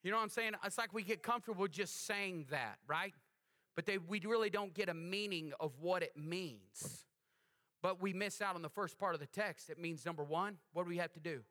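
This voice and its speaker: Male pastor, bright and forceful, animated call-and-response preacher. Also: high-pitched, a little fast. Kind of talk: sermon.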